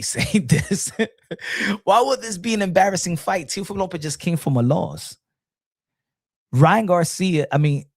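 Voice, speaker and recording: A male boxing streamer chats through a live stream, answering viewers in an excitable, slang-filled flow that often restarts. His voice swings widely in pitch and sits a little high for a man. The sound is dry and close. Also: no echo. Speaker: boxing show host reading live chat. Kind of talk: casual live-stream commentary.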